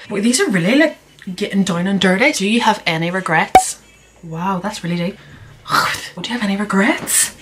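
A woman's voice: mid-range voice, a bit bright. A young woman, answering viewer questions in a casual vlog, chatty and candid, laughing at herself and rambling with lots of "like"s. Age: young adult. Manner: chatty, candid and self-mocking, rambling with many "like"s. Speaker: YouTuber.

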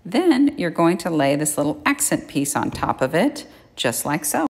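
A woman's voice: sits low, sing-song, moderate pace, in a large hall. A woman giving a chatty, plain-spoken sewing tutorial in a home kitchen, explaining each step. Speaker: sewing instructor. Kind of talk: casual how-to tutorial.

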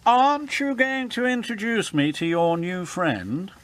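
A man's voice: high-pitched, very animated, measured pace, fairly bright tone, a little hiss or hum, pitched above the performer's own voice, full character voice. A man voicing a grand, prim female vintage lorry who speaks in a sniffy way. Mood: haughty.

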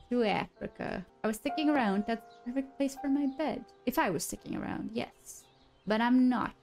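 Slow-talking young woman streamer. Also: fairly high pitch, vocal fry, darkish tone. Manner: chatty, emotional reactions, casual swearing. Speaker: gaming streamer. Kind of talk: let's play commentary.

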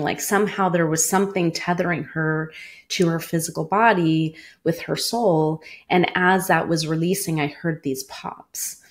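A former oncologist, a woman in her forties with a fairly low pitch, tells a personal story with sincerity during an interview, leaning heavily on the filler "like."

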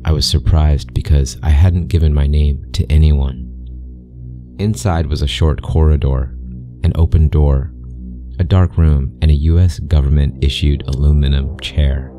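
A man narrating a scary story in a grave, deliberate scripted style. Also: very deep voice, steady tone, mellow. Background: background music.

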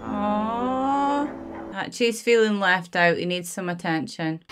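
A woman's voice: medium pitch, fairly even intonation, slow pace. A woman hosting a movie reaction, talking to the screen and getting emotional. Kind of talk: casual reaction commentary. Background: film soundtrack music.

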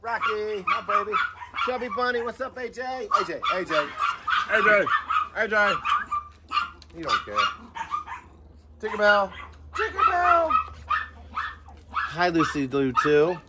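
A man's voice: sits high, a little slow, long pauses. A man at a dog sanctuary, talking in sing-song baby talk to his dogs as he walks among them, recorded outdoors on a phone. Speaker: animal sanctuary keeper. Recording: loud background noise from barking dogs. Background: dogs barking.

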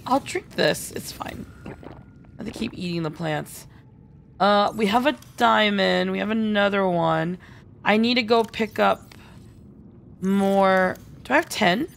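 A woman's voice: mid-range voice, slow, creaky, pauses often, soft background music. A woman streaming a game live, chatty and giggly, thinking aloud and answering viewer chat. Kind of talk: live gameplay commentary.

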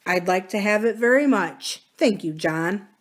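A woman voicing a gentle, sad grown man, a kind uncle, in a storybook reading, quietly. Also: medium pitch, lively intonation, a little slow.

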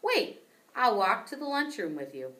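A woman's voice: on the high side, very animated, moderate pace, a bit bright, voice pushed up. A woman reading a cheery substitute teacher. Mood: upbeat. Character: breezy, upbeat male substitute teacher.

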